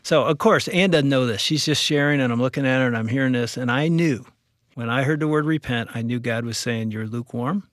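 A man, a pastor, earnestly recounting a personal testimony about his marriage in a relaxed interview. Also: medium pitch, fairly quick, no room sound, studio quality. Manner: earnest, reflective storytelling. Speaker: pastor and guest speaker.

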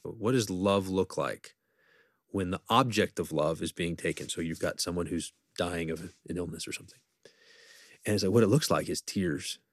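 Low-voiced earnest male professor. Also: moderate pace, dry recording, clean studio sound. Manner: earnest, reflective, quotes scripture at length. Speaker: professor, podcast guest. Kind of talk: conversational interview talk.

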